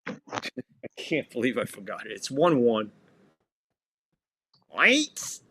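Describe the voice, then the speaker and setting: Lively joking male match commentator. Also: on the high side, a little hiss or hum. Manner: jokey, playfully mangles foreign words. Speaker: podcast host and commentator. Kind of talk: casual live play-by-play commentary.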